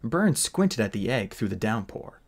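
A man reading a fantasy novel aloud as an expressive audiobook narrator. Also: lowish voice, unhurried. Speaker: audiobook reader. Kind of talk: storybook narration.

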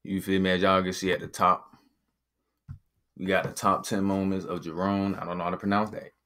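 Deep-voiced man chatting casually. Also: monotone, brisk, a bit bright. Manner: loose slangy chatter, keeps asking "you feel me". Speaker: reaction channel host. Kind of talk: casual reaction commentary. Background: music playing.

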